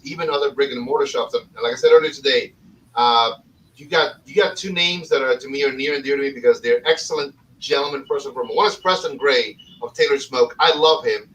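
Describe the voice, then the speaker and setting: A man's voice: medium pitch, a bit bright, distant mic, poor audio. A man hosting a casual podcast chat, effusive and enthusiastic. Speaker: podcast host and cigar shop owner.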